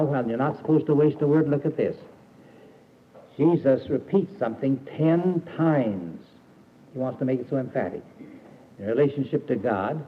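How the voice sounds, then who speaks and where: An older man giving a folksy, emphatic sermon to a camp audience, with fillers and restarts. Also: mid-range voice. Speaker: preacher and camp founder. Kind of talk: old recorded sermon. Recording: tinny archival tape with faint hiss.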